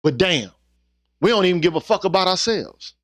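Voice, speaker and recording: Earnest, lively-voiced man preaching brotherhood. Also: high-pitched, a little fast, dry recording. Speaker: YouTube vlogger. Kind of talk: impassioned casual monologue.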